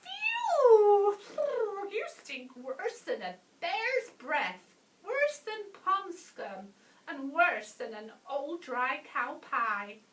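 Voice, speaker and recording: A woman voicing disgusted stagecoach passengers who shout insults, reading a storybook aloud. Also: huge pitch swings, very slow, recorded from a distance, a little hiss or hum, heavily acted. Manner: shouting insults, high-pitched. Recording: echoey room, voice off-mic.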